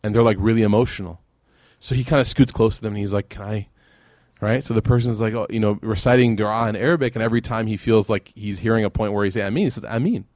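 A man's voice: on the low side, steady tone, fast talker, a little mellow, no room sound, studio quality. A man giving a sermon, telling a story and then closing in fervent prayer. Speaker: preacher.

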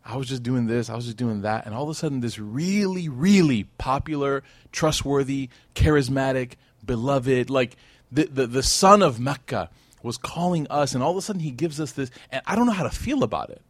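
Male preacher-teacher, mid pitch, dry close sound, animated storyteller who quizzes the room. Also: a little fast, no echo. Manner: animated, with rhetorical questions to the crowd; acts out quoted people. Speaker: religious teacher. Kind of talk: storytelling lecture to a live audience.

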